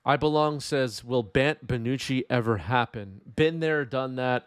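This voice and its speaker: Man, New York accent, live game commentator, wry, reads chat, mid pitch. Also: measured pace.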